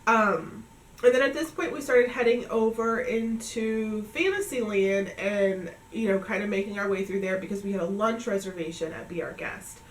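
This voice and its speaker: A woman in her thirties from New England, a family vlogger, recaps a long trip in a chatty story full of "like" and acted-out dialogue. Her voice is medium-pitched at normal speed, and the low-quality recording is reverberant and distant.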